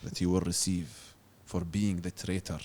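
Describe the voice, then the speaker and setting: A man's voice: sits low, fairly even intonation, moderate pace, a little mellow. A man, the podcast host, chatting casually and reacting, mixing Arabic words into English. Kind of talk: casual chat.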